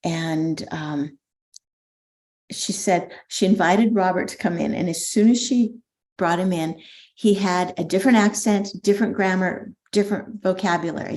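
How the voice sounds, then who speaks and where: An older woman with a slightly low voice tells a story to her listeners. She is a spiritual teacher who talks in an animated way and often pauses on "um" or starts a sentence over. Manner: animated storyteller, frequent ums and restarts. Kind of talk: storytelling talk.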